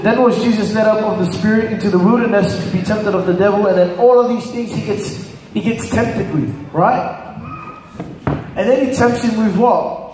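A man preaches to a congregation in a relaxed, talky way, full of fillers and retold dialogue. His voice sits a little high. The sound comes from some distance in a strongly echoing hall. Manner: conversational, many fillers, retells stories with quoted voices. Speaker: pastor. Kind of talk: church teaching. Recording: echoey hall, distant mic.

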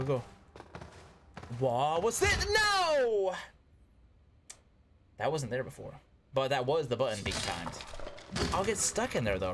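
Guy streaming a game, voice jumps all over the place, yelps when stuff goes wrong, faint hiss behind. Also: mid-range voice. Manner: excitable, talks to himself, yelps at close calls. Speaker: gaming YouTuber. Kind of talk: casual gameplay commentary.

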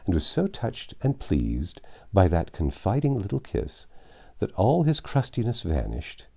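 Male narrator reading a classic novel, dark, husky delivery. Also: low voice.

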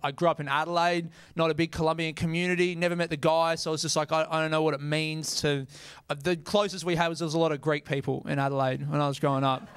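A man's voice: fairly high pitch, level tone, fast, clear, resonant tone, no room sound, studio quality. Australian man doing casual stand-up. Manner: casual, swearing, self-mocking, laughs into lines. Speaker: stand-up comedian. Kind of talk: stand-up comedy set. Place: comedy venue stage.

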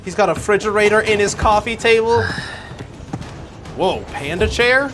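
A young man hosting a reaction video, talking casually with slang and quick exclamations. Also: high voice, music in the background.

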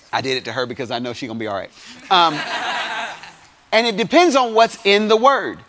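Youth pastor guy preaching, kinda high voice, goes loud then quiet. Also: fairly quick, long pauses, background noise. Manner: lively preaching that swings from loud to quiet, with asides. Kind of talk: sermon.

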